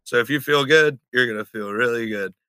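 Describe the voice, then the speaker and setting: Bright-voiced, swearing, laughing man. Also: mid-range voice, a little fast, clear, resonant tone, dry recording. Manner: swears freely, laughs through his stories. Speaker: stranger met on video chat. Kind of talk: casual storytelling chat. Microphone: computer mic on video call.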